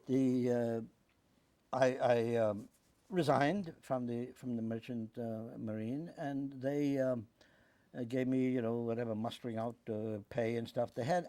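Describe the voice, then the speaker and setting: A veteran being interviewed for an oral history, an older man from the United States with a New York accent, tells his memories with animation and acts out the words of others in quotes. His voice has a medium pitch, and there is no room sound.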